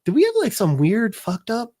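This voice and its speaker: A jittery young man, anxious and stammering, who begs in halting bursts , as a podcast host puts him on. The voice stays close to an everyday speaking voice. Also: sits high, wildly swooping pitch, mellow, voice pushed up, heavily acted. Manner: stammering, fretful. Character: anxious young man hiding his medication.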